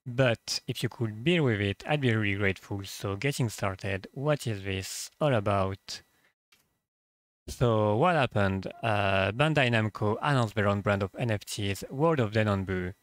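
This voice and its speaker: Young French-accented male host, low dry voice, halting and blunt, casual commentary on a cheap mic. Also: no room sound. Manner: hesitant, many "uh" fillers, blunt and profane. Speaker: channel host, translator. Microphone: cheap microphone.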